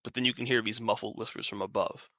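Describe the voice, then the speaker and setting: A man's voice: lowish voice, steady tone, fast talker, a bit bright, no echo, rough recording. A man narrating as game master in a tabletop game stream, casual and rambling. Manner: rambling, casual, self-correcting.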